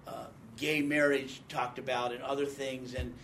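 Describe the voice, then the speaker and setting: Teaching a sermon that invites audience questions, a man in his sixties quizzes the class and reads scripture with emphasis in a conversational way. His mid-range voice is fairly bright but flat in delivery, at a moderate pace. There's slight background noise.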